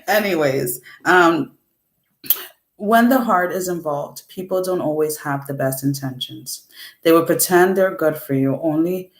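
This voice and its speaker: A woman's voice: on the low side, measured pace, reverberant. A woman giving a casual tarot reading, rambling and correcting herself as she talks to her viewers. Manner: rambling, self-correcting, chatty. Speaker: tarot reader.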